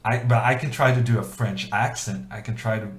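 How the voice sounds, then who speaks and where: A man's voice: on the low side, fairly even intonation, fairly quick. A man streaming chess, thinking aloud in a casual, self-deprecating way with many fillers. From Norway. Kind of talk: casual live-stream commentary. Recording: echoey room.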